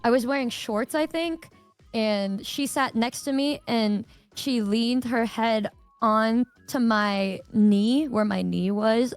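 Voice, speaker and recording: A young woman with a fairly high voice tells a personal story with candor and plenty of swearing, raising her pitch whenever she plays out what someone else said. Her voice sits close and dry on the mic, with faint music running underneath. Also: no echo. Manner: candid, swears freely, acts out quoted voices in a higher pitch. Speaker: streamer co-host. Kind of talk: casual storytelling chat.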